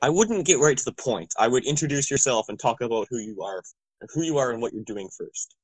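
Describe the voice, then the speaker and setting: A man guesting on a comedy podcast who delivers dry, deadpan teasing. His pitch moves a lot even when he keeps a straight face. The sound is close and dry. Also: a little fast, dry recording. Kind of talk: comedic casual chat.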